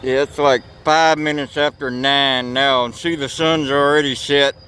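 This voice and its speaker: A man vlogs outdoors next to railroad tracks, rambling in a folksy way and swearing casually into a handheld camera mic. His mid-range voice has fairly even intonation and a measured pace, with a pushed, bright, clear and resonant tone.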